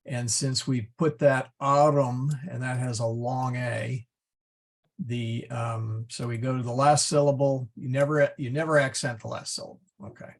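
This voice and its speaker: A man teaching a class, explaining step by step in a patient, methodical way with frequent pauses and fillers. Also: mid-range voice, level tone. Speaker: Latin teacher.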